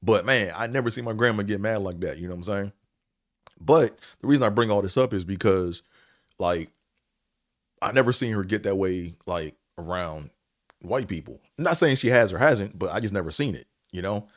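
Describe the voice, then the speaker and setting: A man's voice: on the low side, expressive, normal speed, no room sound, studio quality. A man hosting a podcast, telling a story and reflecting in a rambling, casual way, with many fillers and casual swearing. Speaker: podcast host.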